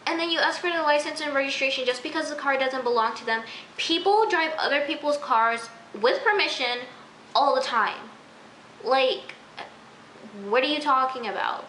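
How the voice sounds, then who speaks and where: A woman's voice: high voice, moderate pace, pushed and bright, slight background noise. A teenage girl reviewing a TV episode in a casual, rambling, exasperated way, full of "like" and repeated phrases. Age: teens. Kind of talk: casual recap vlog. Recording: echoey room.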